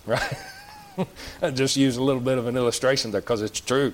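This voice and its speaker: A man's voice: medium pitch, moderate pace, a little hiss or hum. Folksy preacher man. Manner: folksy preaching, rhetorical questions, plain rural phrasing. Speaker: pastor. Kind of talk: sermon. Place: church.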